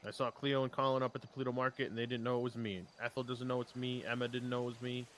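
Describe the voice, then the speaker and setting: A young man streaming a role-play game, chatting in character in a hesitant, soft-spoken way that often trails off. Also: mid-range voice, flat delivery, rapid-fire, a little hiss or hum. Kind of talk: casual in-character game chat.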